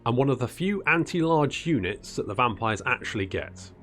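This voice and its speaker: A man's voice: mid-range voice, animated, normal speed, a bit bright, faint music behind. A man hosting a casual strategy game let's-play, chatting and muttering to himself as he plays and calling his units "buddy". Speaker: gaming channel host.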